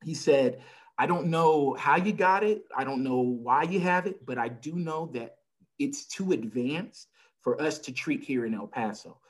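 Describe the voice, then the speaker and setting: A man talking as a podcast guest and caregiver, telling a family story in a relaxed conversational way, with lots of "you know" and acted-out lines from family members. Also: a little high, measured pace, low-quality recording. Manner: frequent "you know" fillers. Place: lives in El Paso, Texas.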